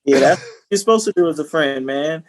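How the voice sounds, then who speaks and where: A man's voice: on the high side, lively intonation, quick pace. A man co-hosting a podcast in casual chat, rambling with lots of "you know" and repeated words. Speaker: podcast co-host.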